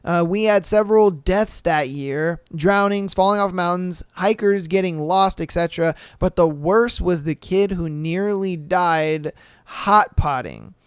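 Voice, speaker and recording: Slow, smooth-voiced man reading stories. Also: high-pitched, no room sound, clean studio sound. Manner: laid-back, profane, joking asides. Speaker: podcast host. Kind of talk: reading listener stories aloud and reacting.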